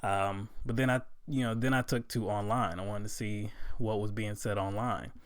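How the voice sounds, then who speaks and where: A man with a fairly low voice talks through political commentary in a casual, filler-heavy way. He climbs into loud disbelief when he gets worked up. The sound is dry and close, with no room around it. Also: fairly even intonation, normal speed, clean tone, dry recording. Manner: conversational with many fillers, gets loud and incredulous.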